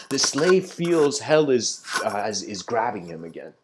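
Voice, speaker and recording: A man's voice: mid-range voice, normal speed, noisy background. Man telling a spiritual story casually. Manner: loose and conversational, many fillers and restarts, laughs at his own asides. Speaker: speaker giving a spiritual talk.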